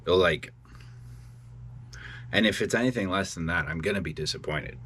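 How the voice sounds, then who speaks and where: A man's voice: low voice, moderate pace, a bit bright, slight background noise. A sleep-deprived young man, a vlogger, rambling crudely and with frustration in a video diary.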